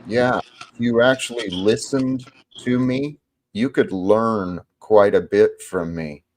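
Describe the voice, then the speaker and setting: A man hosting a casual online chat, speaking in a measured, scolding way. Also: on the low side. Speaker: host.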